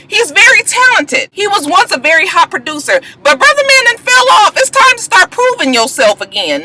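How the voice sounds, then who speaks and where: A woman vlogger recapping a reality show in a sassy, profane, animated gossip style. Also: high voice, low-quality recording. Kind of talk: casual recap commentary.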